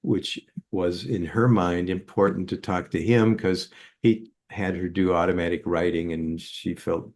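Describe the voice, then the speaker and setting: A man's voice: sits low, steady tone, a little slow, darkish tone. An older man, a psychotherapist, telling stories in an interview with many fillers and restarts. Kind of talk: anecdotal storytelling in an interview.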